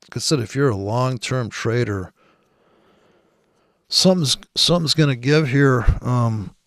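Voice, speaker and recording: Gravelly, profane man riffing on trades. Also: medium pitch, unhurried, dry recording, studio quality. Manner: rambling, profane, sarcastic. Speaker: forex trader. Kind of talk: casual screen-share trading commentary.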